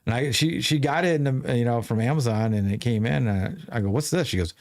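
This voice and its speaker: A man's voice: mid-range voice, brisk. A man hosting a podcast, telling a long story in casual chat with many restarts. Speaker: podcast host.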